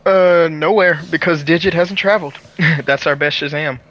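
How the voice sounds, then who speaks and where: A man's voice: a little high, normal speed, a bit bright, lo-fi sound. A man guesting on a gaming podcast, chatting casually with easygoing asides.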